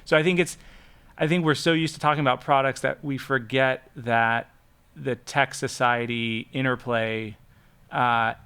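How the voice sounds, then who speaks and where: A man appearing as a guest on a tech roundtable, speaking in a measured, earnest way and restarting his sentences now and then. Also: medium pitch, fairly even intonation, sharp tone, smooth. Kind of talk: casual roundtable chat.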